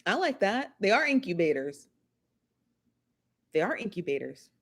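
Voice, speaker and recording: A woman's voice: mid-range voice, very animated, normal speed. A woman hosting a live stream, chatting her opinions and reading viewer comments aloud. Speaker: livestream host reading chat. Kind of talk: casual chat.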